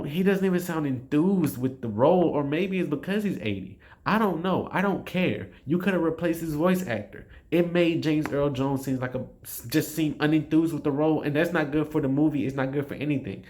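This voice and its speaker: A man giving a casual spoken film review, rambling and frustrated, with frequent restarts and swearing. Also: fairly high pitch. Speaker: movie reviewer.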